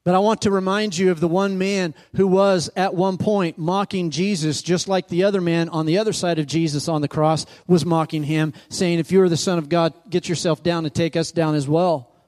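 A man preaches at a moderate pace with few pauses, his voice on the high side, slightly mellow and steady in tone. As he retells scripture, he calls out questions to the congregation with rising emphasis.

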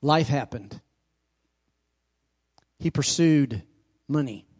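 A pastor preaching a sermon in a church who calls out for amens and asks the congregation questions. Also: male voice, mid-range voice, animated, extremely slow, a little mellow, slightly rough. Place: church sanctuary.

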